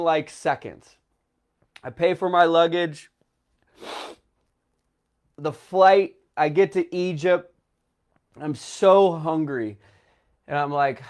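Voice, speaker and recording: A young man tells a personal travel story straight to the camera in a loose, rambling way, stacking fillers as he goes. His voice sits a bit high for a man and sounds slightly tearful, with a runny nose. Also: slow pace, long pauses, smooth. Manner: rambling, filler-heavy, emotional retelling. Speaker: travel vlogger.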